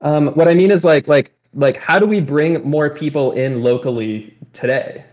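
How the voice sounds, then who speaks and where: A man's voice: on the high side, moderate pace, darkish tone. A man conducting an interview. He phrases his questions hesitantly and restarts them as he goes, feeling his way to the point.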